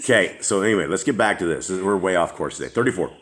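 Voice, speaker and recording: A man's voice: low voice, expressive, a bit bright. A man hosting a casual scripture discussion, reading verses aloud in an easygoing way. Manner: easygoing, reads verses slowly, chuckles. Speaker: host of a scripture study discussion.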